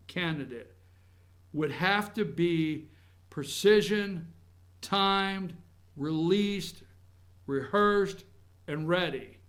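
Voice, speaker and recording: A man hosting a talk show monologue, animated and blunt, swinging from loud outbursts to low muttering.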